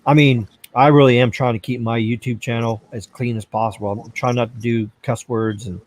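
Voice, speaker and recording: A man's voice: mid-range voice, fairly even intonation, brisk. A man hosting a casual livestream, chatting loosely and reading viewer comments aloud. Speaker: livestream host.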